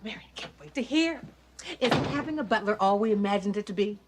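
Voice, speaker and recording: An actress playing an excitable, showy woman neighbor in a studio sitcom who puts on airs. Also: mid-range voice, fairly quick, very noisy, close to an everyday voice. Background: studio audience laughter.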